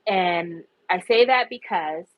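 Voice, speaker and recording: A woman's voice: fairly low pitch, slow pace, no room sound, poor audio. A woman giving impassioned, profane casual commentary, her voice rising in anguished outbursts. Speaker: K-pop commentary vlogger.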